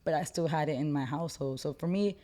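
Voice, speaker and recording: Young woman cohost, low voice, talks fast, opinionated and slangy. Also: mellow. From United States. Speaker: podcast co-host. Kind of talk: casual chat.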